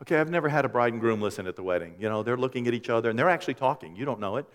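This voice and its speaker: A middle-aged man preaching a teaching sermon as pastor, animated and joking, acting out quoted voices. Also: mid-range voice, very fast. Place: church sanctuary. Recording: long hall reverb.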